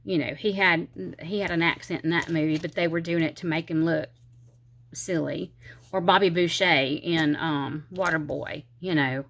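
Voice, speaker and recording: Her voice is deep yet a bit bright, fairly even in intonation and at normal speed, with a little hiss or hum. This middle-aged Southern US woman runs a chatty crafting vlog on her planner channel, rambling as she decorates, words a touch slurred, now and then counting quietly.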